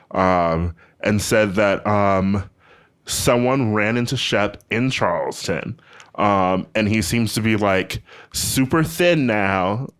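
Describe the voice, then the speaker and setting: A man's voice: on the low side, clean tone. A man who is a podcast guest, chatting casually and gossiping with lots of fillers. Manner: animated, gossipy, lots of likes and ums. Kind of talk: casual chat.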